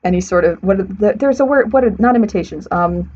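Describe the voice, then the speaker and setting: A woman's voice: mid-range voice, a little fast, a little mellow. A young woman streaming a building game, rambling to herself as she works and often correcting herself mid-sentence. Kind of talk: casual gameplay commentary. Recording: slightly muffled stream audio, faint hiss.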